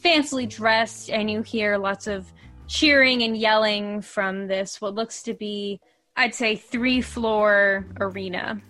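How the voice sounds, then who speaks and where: A woman's voice: mid-range voice, steady tone, slow pace, a bit bright, faint music behind. A woman running a tabletop game, narrating scenes in a rambling, filler-heavy way. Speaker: game master.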